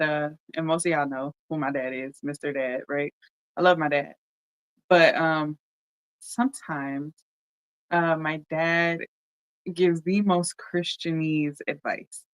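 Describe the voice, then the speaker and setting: Smooth, dry-voiced podcast host talking candidly. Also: mid-range voice, fairly bright tone, no echo, poor audio. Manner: candid, talks straight to listeners, often checks in with "right?"; pauses with frequent ums. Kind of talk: casual heartfelt podcast monologue.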